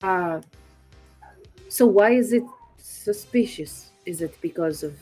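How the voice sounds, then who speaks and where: A woman playing a tabletop role-playing game, chatty and animated, talking with lots of fillers. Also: lowish voice, takes it slowly, faint music behind. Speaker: player. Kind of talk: casual tabletop role-play.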